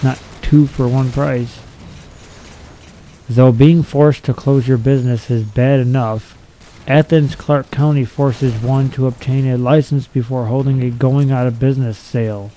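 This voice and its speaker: A man's voice: mid-range voice, mellow, low-quality recording. A young man reading out silly laws and mocking each one in a blunt, profane, sarcastic way. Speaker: video commentator.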